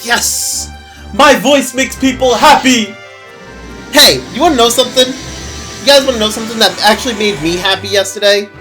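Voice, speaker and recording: A man streaming a video game and chatting casually with viewers, excitable and gushing, laughing often. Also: sits high, normal speed. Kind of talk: casual gameplay stream chat. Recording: faint game music behind.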